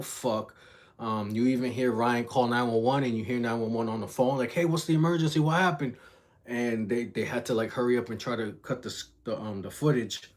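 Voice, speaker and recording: A young man chats loosely on a livestream, piling on profane slang as he retells a story. He jumps into quick impressions of other people mid-sentence, and his voice sits at an ordinary middle pitch. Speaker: reaction vlogger. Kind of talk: casual livestream commentary.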